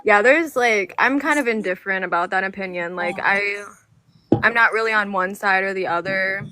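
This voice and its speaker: A woman in casual chat, relaxed and talking with many fillers. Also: mid-range voice, moderate pace, slight background noise.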